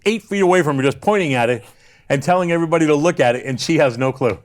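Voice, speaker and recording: Rapid-fire and on the high side, a man's voice belongs to an ex-wrestler guesting on a casual podcast. He rambles from story to story with crude humor, often backing up to restart.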